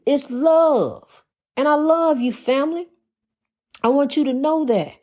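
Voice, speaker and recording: A woman's voice: high-pitched, expressive, a little slow, a little mellow. A woman preaching an informal sermon in rhythmic, repeated refrains, folksy and calling her listeners honey.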